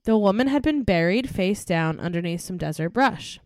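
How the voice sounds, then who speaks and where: A woman's voice: mid-range voice, expressive, moderate pace, no echo, clean studio sound. A young woman co-hosting a podcast, chatting with her friend and then reading through a murder case, laughing often. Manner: chatty, giggly, reads case notes. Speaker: true crime podcast co-host. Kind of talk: casual podcast chat and case narration.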